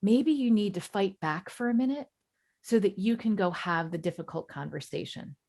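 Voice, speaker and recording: A woman in her forties, a coach giving a webinar talk in a warm, reassuring, conversational way. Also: medium pitch, lively intonation, moderate pace. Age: 40s.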